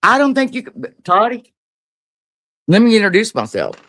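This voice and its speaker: A woman's voice: fairly high pitch, very animated, moderate pace, fairly bright tone. A woman ranting angrily on a livestream as a guest, profane, confrontational and taunting. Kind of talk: angry livestream rant.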